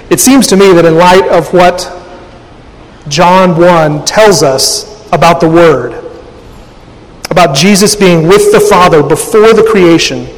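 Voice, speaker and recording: A man preaching a sermon in a thoughtful way, often restarting and repeating words as he works through an idea. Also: high-pitched. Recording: long hall reverb.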